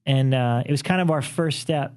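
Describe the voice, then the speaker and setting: Middle-aged male co-host, mid-pitched, chatty and eager, loose filler-heavy delivery. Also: moderate pace, a little mellow. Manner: chatty, enthusiastic, with frequent "uh" and "you know". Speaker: podcast co-host. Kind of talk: casual chat.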